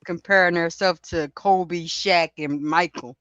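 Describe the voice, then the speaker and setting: A woman co-hosting a livestream who reads a court transcript aloud as the questioning lawyer, in a brisk clipped way, and chats casually between readings. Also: lowish voice, steady tone, fairly bright tone, no echo, dull audio. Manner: questions in a brisk clipped way, each ending with "right?". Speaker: livestream co-host.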